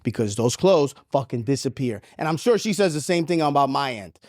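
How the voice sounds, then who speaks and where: A man's voice: mid-range voice, animated, a little fast, a little mellow. A man in his thirties co-hosting a podcast, telling stories in casual, profane chat. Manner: profane, storytelling. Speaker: podcast co-host.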